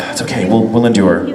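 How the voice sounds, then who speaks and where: Playful man in an echoey convention hall. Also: on the high side. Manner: playful, theatrical, quick jokes. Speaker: voice actor answering fan questions. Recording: echoey hall with crowd noise.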